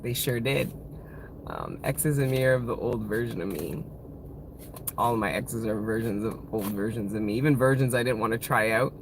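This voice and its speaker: A woman's voice: very deep voice, expressive, normal speed, a little hiss or hum. Laughing, profane woman tarot reader. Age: 30s. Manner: profane, laughing, emotional and playful. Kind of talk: casual live-stream tarot reading.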